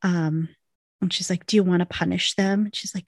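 A woman co-hosting a casual podcast, retelling TV scenes in a lively way and acting out the characters' lines. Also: fairly low pitch, normal speed, no room sound, studio quality. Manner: animated storyteller, acts out lines in the retelling. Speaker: podcast co-host. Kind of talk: casual chat.

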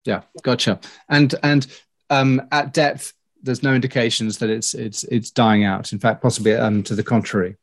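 A man's voice: mid-range voice, steady tone, normal speed. A man interviewing, asking technical questions in a casual, inquisitive way with loose hedging. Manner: inquisitive, casual, hedges with "kind of".

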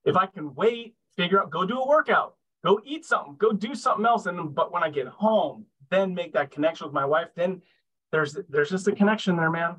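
A man with a voice a little higher than most speaks candidly as a guest. He rambles, circling back as he hunts for the right words. His talk is open and confessional. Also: expressive, brisk, a bit bright, dull audio. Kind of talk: casual podcast talk.

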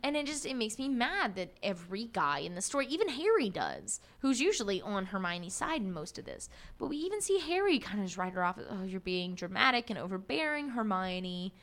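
A woman's voice: medium pitch, a little fast, few pauses. A young woman co-hosting a podcast, talking casually about a book with lots of fillers and restarts. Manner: animated, many fillers and restarts. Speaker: podcast co-host.

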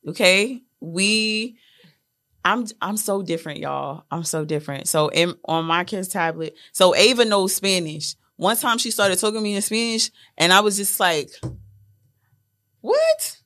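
A woman's voice: mid-range voice, normal speed. A young woman and mother, a guest on a casual talk show, telling parenting stories and acting out the dialogue with her kids. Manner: animated storyteller, acts out dialogue with her kids. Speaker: guest speaking on millennial parenting. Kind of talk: casual podcast chat.

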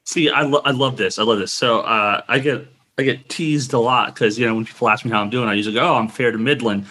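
A man co-hosts a podcast with a bright, husky voice. He talks with enthusiasm and jokes about himself in a casual way. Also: mid-range voice, quick pace. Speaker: podcast co-host. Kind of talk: casual conversation.

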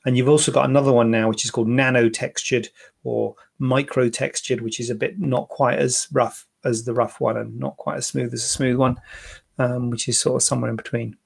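Male surgeon, mid-pitched, gravelly, chatty and rambling while answering questions. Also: little pitch movement, a little fast. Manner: chatty, thinks aloud with fillers and repeats. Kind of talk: casual live Q&A.

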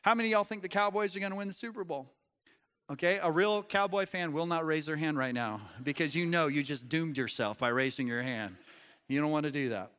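High, bright-voiced male pastor preaching. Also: brisk, smooth, in a large hall. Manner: conversational, joking with the congregation. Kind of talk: sermon. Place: church sanctuary.

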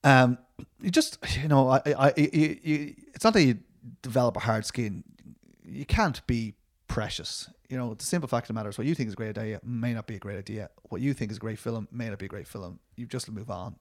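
A man's voice: mid-range voice, brisk, hardly any pauses. A middle-aged man, a documentary filmmaker, answering interview questions in a rambling, self-deprecating way, full of restarts and fillers.

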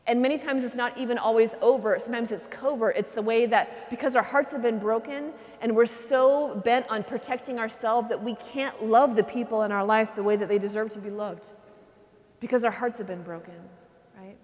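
A religious sister giving a conversational retreat talk, often checking in with "okay?" and dropping to a soft hush when she voices prayers. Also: a little high, fairly even intonation, brisk. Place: large cathedral. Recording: long cathedral reverb.

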